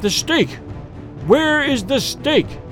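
A man's voice: sits high, sing-song, moderate pace, faint music behind. A man doing a grim, furious family patriarch. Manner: firm, then shouting in fury. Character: stern grown male head of a family, grim.

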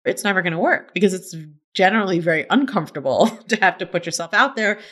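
A woman coach talking casually on her own, chatty and animated, often checking in with "right?" and laughing as she explains. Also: on the low side, fast. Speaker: coach and teacher. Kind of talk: casual solo podcast talk.

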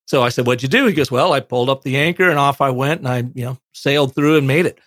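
A man's voice: mid-range voice, quick pace, dry recording. Dry-voiced man telling an anecdote. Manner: animated anecdotal storyteller. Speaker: author guest. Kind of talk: conversational storytelling.

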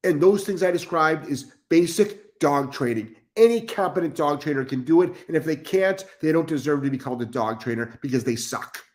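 A man's voice: on the high side, brisk, hardly any pauses, darkish tone. A middle-aged man hosting a live stream as a dog trainer, blunt and profane, repeating himself for emphasis as he reads chat comments.

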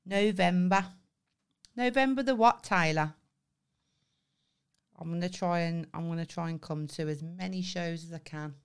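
A woman's voice: on the low side, measured pace, long pauses, clean tone. A young woman co-hosting a podcast, chatty and teasing in casual banter, swearing now and then. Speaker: podcast co-host.

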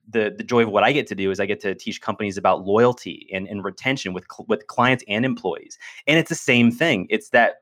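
Earnest low-voiced man telling a story. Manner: earnest, animated storyteller who restarts phrases. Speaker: podcast guest, business speaker. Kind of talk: conversational storytelling in an interview.

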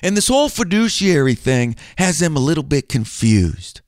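A man's voice: on the high side, very animated, moderate pace, no room sound, clean studio sound. A middle-aged man hosting a podcast as a financial planner, chatty and self-deprecating in a casual style.

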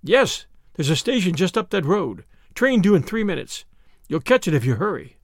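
A man voicing a practical young man who gives brisk, matter-of-fact orders. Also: sits high, big pitch swings, no room sound, studio quality, heavily acted.

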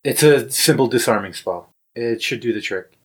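Man voicing a hushed wounded wizard, average pitch, low-key urging. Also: normal speed, breathy edge, lightly acted. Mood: urgent.

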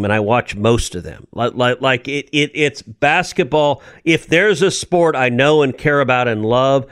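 A man in his fifties, a politician guest telling stories in a casual interview, animated and self-deprecating, often restarting words. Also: medium pitch, moderate pace, few pauses, no echo, clean studio sound.

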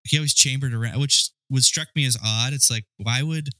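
A man's voice: medium pitch, brisk, bright, forceful tone, no room sound. A man co-hosting a podcast, rambling and restarting his sentences as he picks apart a movie, amused. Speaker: podcast co-host. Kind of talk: casual movie-review banter.

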